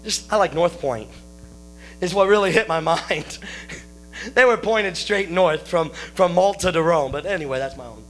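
A man with a notably high voice delivers a sermon, walking his congregation through scripture. He breaks in with folksy jokes and turns to address listeners by name. A low mains hum runs under the recording. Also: normal speed, faint music behind. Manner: folksy, joking asides to the congregation. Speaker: pastor.

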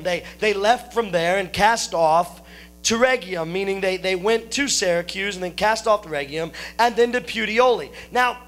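With a voice that sits high, this man preaches a sermon, interpreting scripture through folksy jokes and friendly remarks to his congregation. He is a pastor, and a steady hum can be heard behind him.

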